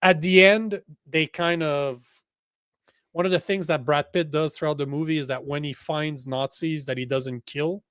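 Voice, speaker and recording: A man co-hosting a casual political podcast, excitable and swearing often, laughing easily. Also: fairly high pitch, normal speed, smooth, no room sound, studio quality. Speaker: co-host.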